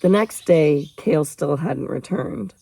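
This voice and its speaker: Gravelly man casually reading a novel aloud. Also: a little high, lively intonation, measured pace, dark tone, low-quality recording. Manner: chatty asides, jokes about own stumbles. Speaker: audiobook reader.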